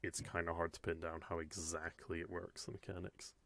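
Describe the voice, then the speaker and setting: A man hosting a casual group chat reacting to a video, laid-back and quick to laugh, swearing now and then. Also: low-pitched, level tone, creaky, noisy background. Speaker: host.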